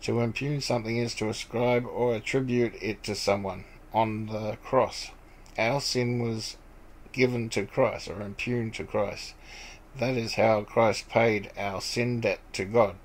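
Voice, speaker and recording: Man, fairly low voice, informal Bible teaching, reads verses then explains, rambling, halting, lots of fillers. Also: fairly even intonation, slight background noise, poor audio. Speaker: preacher.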